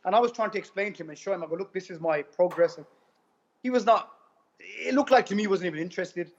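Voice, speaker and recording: A man tells his story in a quick, high voice, piling up retold dialogue with "I go" again and again. The recording sounds muffled and lo-fi. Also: creaky, a little hiss or hum. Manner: rapid, repetitive retelling with many "I go" quotes. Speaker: guest giving a testimonial. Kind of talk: animated personal storytelling. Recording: dull lo-fi recording.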